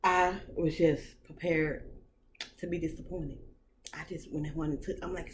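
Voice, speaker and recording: A woman with a low-pitched voice tells a storytime to her viewers in casual chat. She delivers it in an animated, profane and dramatic way, with a faint hiss of noise behind her. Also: a little slow. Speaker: storytime vlogger.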